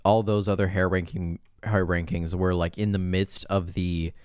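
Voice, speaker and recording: A man's voice: deep voice, flat delivery, moderate pace, darkish tone, clean tone, no echo, clean studio sound. A man co-hosting a podcast, chatting about a movie in a sardonic way and swearing casually. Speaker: podcast co-host. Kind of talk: casual movie review chat.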